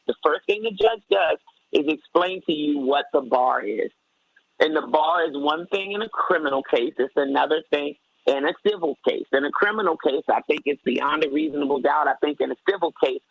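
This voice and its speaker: A man speaking as a guest on a radio talk show, arguing forcefully and repeating points for emphasis. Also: on the high side, vocal fry, dull audio. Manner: forceful, emphatic, repetitive for effect. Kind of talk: opinionated talk radio commentary.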